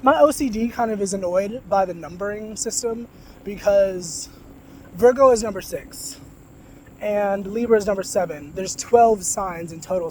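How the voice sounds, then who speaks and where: A man's voice: high-pitched, a little mellow, slight background noise. Rambling man musing on spirituality. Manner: rambling, loose, full of "like" and "you know"; frank, sometimes swearing. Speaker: vlogger.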